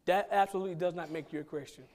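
High-voiced preacher. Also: male voice, very fast, a little mellow. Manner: emphatic, conversational preaching with acted quotes. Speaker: pastor. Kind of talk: sermon.

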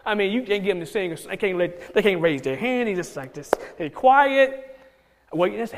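High-pitched guy preaching, chatty and worked up, lots of "i mean", big echo from a church hall. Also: moderate pace, slight background noise. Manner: conversational preaching with frequent restarts and rising excitement. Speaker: pastor. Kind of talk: sermon. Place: church sanctuary.

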